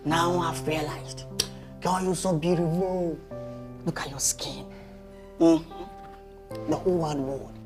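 A love-struck Nigerian husband who stutters and begs his wife in a soft, halting voice. Music plays clearly behind him. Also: a little high, steady tone. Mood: doting. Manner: stammering, pleading, doting. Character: besotted hen-pecked husband, soft and begging. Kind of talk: Nollywood movie acting. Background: background music.

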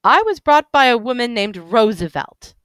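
A woman reading a novel aloud, voicing an excitable, drunk, stout middle-aged man in big spectacles who talks insistently and rambles. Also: a little high, normal speed, no echo, voice pushed up. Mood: rambling.

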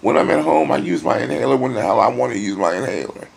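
A middle-aged man in a hospital room, weary and near tears, talking in a personal video diary with sighs and halting pauses. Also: medium pitch, lively intonation, vocal fry. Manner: emotional, sighing, halting. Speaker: vlogger.

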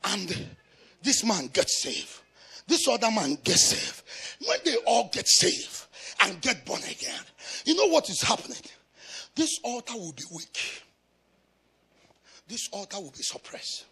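High, gravelly shouting preacher man. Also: very animated, a little slow, long pauses, slight background noise. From Africa. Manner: shouting, sing-song preaching with bursts of speaking in tongues. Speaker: pastor. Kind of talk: sermon. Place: church.

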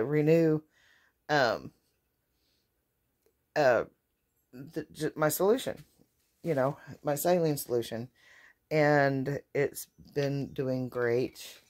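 A woman's voice: low voice, takes it slowly, long pauses, a little mellow. A woman chatting casually at home into her phone camera, rambling and hesitant with many fillers and restarts. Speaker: vlogger caring for her dogs. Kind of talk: casual home vlog chat.

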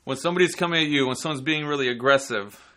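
A man hosting a podcast and giving casual self-defense instruction, relaxed and chatty, sometimes acting out angry people. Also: mid-range voice, quick pace. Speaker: podcast host and martial arts instructor.

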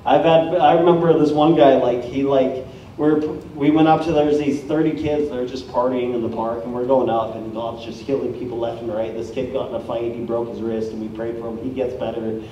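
A man's voice: mid-range voice, brisk, a little hiss or hum. A man preaching a sermon, telling personal stories with energy and acting out the people in them. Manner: energetic, storytelling, acts out quoted people. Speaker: guest preacher. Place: church hall. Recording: echoey hall, from far off, dull sound.

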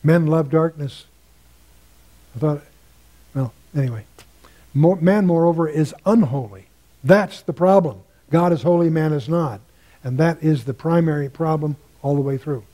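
An older man leads a Bible study lecture, wandering into asides. His voice sits a bit high but sounds mellow and warm. He lifts his tone when he quotes scripture. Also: moderate pace. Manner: musing, digressive, quotes scripture in a lifted voice. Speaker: Bible teacher.

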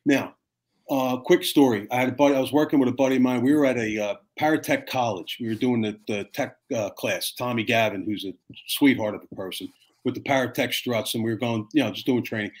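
A man's voice: mid-range voice, brisk. Profane storytelling firefighter man. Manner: animated, profane, acts out voices in his stories. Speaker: fire captain guest. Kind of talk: casual storytelling chat.

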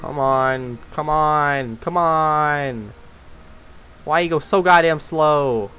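A young man doing rage gameplay commentary, cursing, pleading with and shouting at the game, from low mutters to loud yells. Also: slow pace, clear, resonant tone. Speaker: gaming YouTuber. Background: game music.

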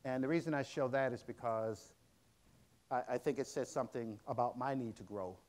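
A middle-aged man giving a public lecture, telling a story in a conversational, halting way with many restarts and fillers. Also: medium pitch, darkish tone.

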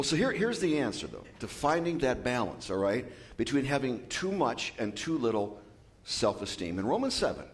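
Male pastor, mid pitch, very animated delivery, conversational sermon with humor. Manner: lively, animated preaching with asides and humor. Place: church.

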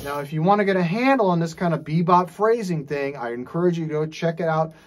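A man teaching jazz drums in a relaxed, casual way, scat-singing rhythms and checking in with frequent "okay"s. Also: on the high side, quick pace, loud music behind the voice. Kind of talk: casual instructional talk. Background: drum playing.

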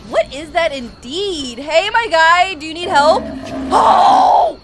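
High, shrieky young woman reacting. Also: unhurried. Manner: excitable, shrieking and laughing. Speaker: reaction video host. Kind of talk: reacting to scary clips. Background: music from the clips.

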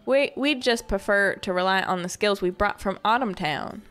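A woman voicing a gruff, proud runaway villager from a cozy game in a rough put-on accent. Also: mid-range voice, normal speed, fairly bright tone, natural voice.

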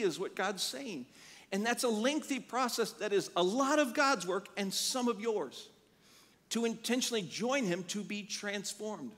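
A man preaching a sermon as pastor, telling animated stories and acting out the quotes in them. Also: high-pitched, moderate pace, big-room sound. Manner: animated storytelling with acted-out quotes. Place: church sanctuary.

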